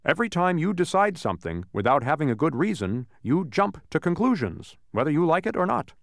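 A man's voice: on the high side, big pitch swings, a little fast, gravelly, dry recording, studio quality, voice pushed up. A man voicing a confused, changeable grown man in a storybook reading, swinging between extremes in his delivery. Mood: exuberant.

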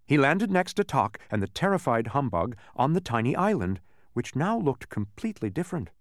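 A man narrating a children's storybook in an animated, expressive reading. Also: mid-range voice, normal speed, no room sound, studio quality.

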